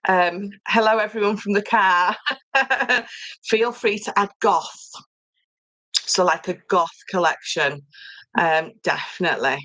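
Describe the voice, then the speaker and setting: A middle-aged woman hosting a casual livestream from her craft room, rambling warmly and reading out viewer comments. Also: mid-range voice, slow pace, no room sound, low-quality recording. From England. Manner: chatty, rambling, reads viewer comments aloud. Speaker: papercraft host.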